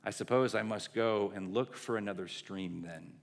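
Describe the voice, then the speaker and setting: A man's voice: lowish voice, moderate pace, creaky. A man reading the lines of a frightened, thirsty young girl in a storybook passage, timid and hesitant. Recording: long hall reverb.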